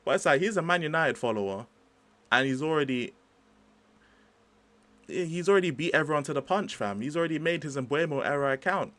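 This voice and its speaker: A man's voice: on the high side, lively intonation, fairly quick, pauses often, fairly bright tone, no echo. A young man hosting a livestream, ranting about football in a chatty, slangy, rambling way. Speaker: livestream host. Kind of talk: casual livestream football rant.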